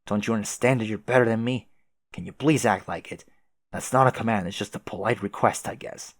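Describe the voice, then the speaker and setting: A man voicing a haughty, prim young male troll aristocrat who speaks formally and quietly with contempt. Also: lowish voice, a little fast, no echo.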